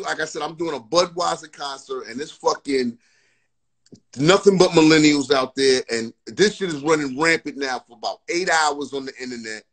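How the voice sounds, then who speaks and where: A man guest telling a story on a livestream video call, animated and swearing, repeating phrases as he goes. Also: fairly high pitch, husky, rough recording. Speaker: interview guest. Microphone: phone earbuds on a video call.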